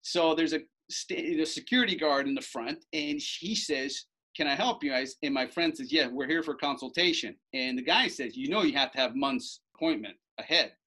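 A man spins a casual story with a bright, forceful voice sitting a little high for a man. He jumps into quoted lines with extra lift and energy, then drops back into easy narration. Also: normal speed, few pauses. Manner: animated, acts out quoted lines with raised voice. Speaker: storyteller recounting a bet. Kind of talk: casual anecdote told to an audience.

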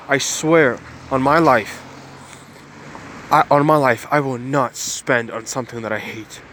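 A man's voice: on the high side, a bit bright, a little hiss or hum. Earnest young man venting to camera. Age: 20s. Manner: repetitive, earnest, restarts phrases. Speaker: vlogger. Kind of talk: emotional personal monologue.

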